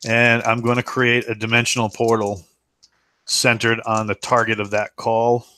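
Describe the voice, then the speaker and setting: A man's voice: mid-range voice, completely flat delivery, normal speed, sharp tone, no echo. A man playing a tabletop game, speaking briefly and matter-of-factly. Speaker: player.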